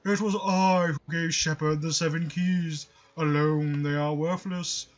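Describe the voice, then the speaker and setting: A man voicing a pompous old male villain who speaks slowly and grandly, over game music. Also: fairly high pitch, fairly even intonation, lo-fi sound, close to an everyday voice.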